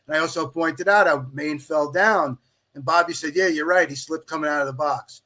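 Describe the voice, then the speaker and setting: A man's voice: on the high side, moderate pace. A middle-aged man, a guest on a podcast, telling a long anecdote in casual chat and quoting others as he goes. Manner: animated anecdote-telling, quotes others in dialogue. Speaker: podcast guest, official baseball scorer.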